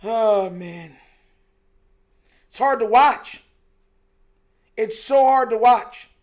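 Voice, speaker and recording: A high-pitched young man talks very slowly while hosting a live stream about a football game. He sounds frustrated and emphatic, repeats himself, and keeps saying "bro" in casual chat.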